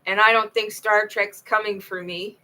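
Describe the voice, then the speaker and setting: This woman speaks at medium pitch and a moderate pace, her intonation fairly even and her tone pushed and bright, on a rough recording. It's a late-night solo monologue to camera in which she passionately rambles through her own story and keeps repeating herself.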